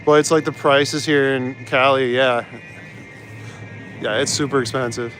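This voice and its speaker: A young man chats casually with his viewers while walking through the city streets. His voice sits at a medium pitch, relaxed and easygoing, with frequent chuckles. The sound is from an outdoor phone mic with faint music in the background. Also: a little slow. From Canada. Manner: laid-back, chuckles often, reads out chat. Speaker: live streamer. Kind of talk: casual chat.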